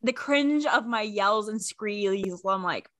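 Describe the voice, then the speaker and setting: A young woman co-hosting a fan podcast, telling animated stories in casual chat and laughing often. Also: mid-range voice, takes it slowly, no room sound, clean studio sound. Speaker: podcast co-host.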